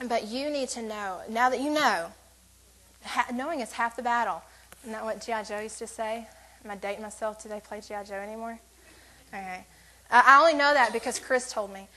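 A woman's voice: fairly high pitch, fairly quick, pushed and bright, rough recording. Chatty woman giving devotional. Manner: rambling, self-interrupting, joking asides. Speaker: women's ministry speaker. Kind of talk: casual church devotional talk.

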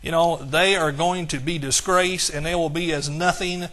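A male pastor preaching an exuberant sermon, shouting praise and reading scripture slowly and emphatically. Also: a little high.

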